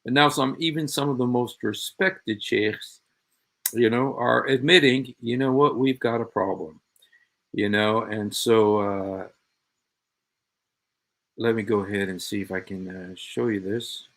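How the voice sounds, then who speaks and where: A man's voice: fairly low pitch, unhurried, a bit bright. Emphatic, sarcastic male commentator. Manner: sarcastic, repeats quoted phrases pointedly; emphatic, addresses an absent opponent directly. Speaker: show host. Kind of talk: commentary on played clips.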